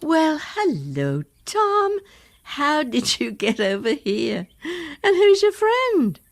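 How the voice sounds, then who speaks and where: A woman's voice: high-pitched, huge pitch swings, slow, full character voice. A woman voicing a kindly neighbor lady cooing at cats in a sing-song way. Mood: doting.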